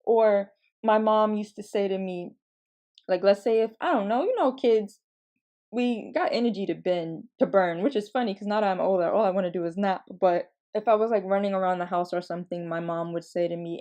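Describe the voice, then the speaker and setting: Animated young woman telling funny stories. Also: medium pitch, moderate pace. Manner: animated, laughing, casually profane. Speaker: podcast host. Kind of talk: casual comedic storytelling.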